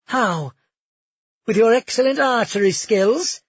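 A man's voice: extremely high pitch, lively intonation, slow pace, slightly rough, no echo, lo-fi sound, pitched above the performer's own voice, exaggerated voice. A man voicing a sly, vengeful male nobleman villain in an audiobook, taunting and cold.

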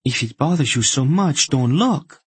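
A man's voice: medium pitch, animated, unhurried, slightly rough, no room sound, voice pushed up. A man reading an audiobook and voicing a weary young enslaved woman in a lifted, tired voice. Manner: tired, raised voice, soft. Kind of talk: audiobook character voice.

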